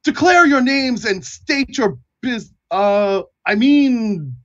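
Brief: dim male tower guard, pitched up, shouting and flustered, voiced by a man. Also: animated, takes it slowly, lo-fi sound, exaggerated voice. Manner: shouting, trips over his words.

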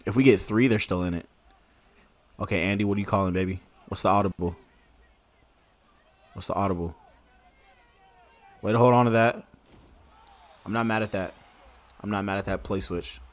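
Excitable low-voiced male gaming streamer. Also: normal speed, long pauses. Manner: excitable, slangy, cheers and groans at the game. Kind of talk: casual live gameplay commentary.

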